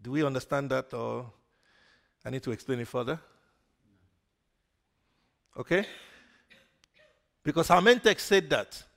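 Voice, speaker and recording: A man preaching a sermon, putting questions to the congregation for them to answer and swinging between loud emphasis and quiet asides. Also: medium pitch, lively intonation, unhurried, gravelly, pauses often. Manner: call-and-response questions to the congregation.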